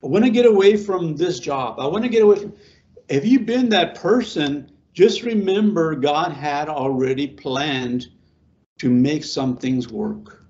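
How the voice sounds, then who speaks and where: A middle-aged pastor giving an informal sermon to a small congregation, talking conversationally, asking them questions and repeating words. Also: male voice, on the high side, lively intonation, a little slow, a little mellow, highs cut off.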